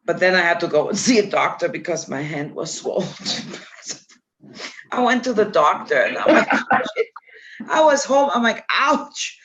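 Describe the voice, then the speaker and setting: A woman's voice: on the low side, lively intonation, a little slow, a bit bright. A woman in casual chat, telling a story bluntly and animatedly, laughing and swearing freely. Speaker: storyteller guest. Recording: dull lo-fi recording with faint hiss.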